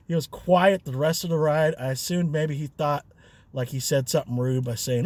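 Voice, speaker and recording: A man with a voice a touch higher than most tells a rideshare story in an easygoing, rambling way. He leans on fillers and small chuckles as he goes. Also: normal speed, a little mellow. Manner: chatty, loose, with fillers and chuckles. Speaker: rideshare driver and vlogger. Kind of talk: casual storytelling.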